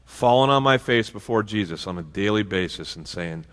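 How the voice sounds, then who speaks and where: A man's voice: fairly low pitch, animated, normal speed, fairly bright tone, long reverb tail. A male pastor preaching a sermon in a conversational way, with asides and frequent restarts. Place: church sanctuary.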